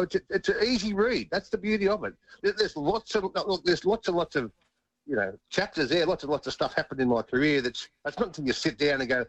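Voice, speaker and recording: Animated Australian man in his sixties. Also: fairly high pitch, no echo, muffled recording. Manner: animated, laughing, repeats words while telling stories. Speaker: author and former rugby league player. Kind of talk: casual interview storytelling.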